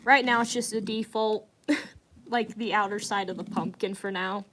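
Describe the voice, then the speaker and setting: A woman's voice: mid-range voice, steady tone, normal speed, fairly bright tone, a little hiss or hum. A young woman chatting casually on a live stream at home, giggling often and rambling from one thought to the next. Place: at home indoors.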